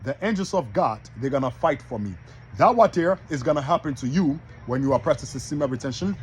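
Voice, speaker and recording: A man teaching from the Bible in a casual style, reading verses with loud emphasis and calling out to his listeners. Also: mid-range voice, brisk, faint music behind. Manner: animated, calls out to listeners; reads scripture with loud emphasis. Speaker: preacher.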